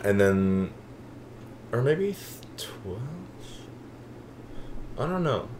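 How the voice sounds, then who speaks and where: Animated young man telling a story. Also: lowish voice, drawn-out words, over a noisy crowd. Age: 20s. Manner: animated storyteller, swears, says "bro". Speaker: podcast co-host. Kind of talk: casual chat.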